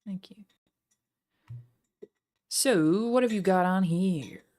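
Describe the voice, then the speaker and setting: A woman's voice: on the low side, slow, dark tone. A woman chatting on a live stream. She gushes thanks at donors, reads articles aloud and swears casually as she goes. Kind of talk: live stream chat and reaction.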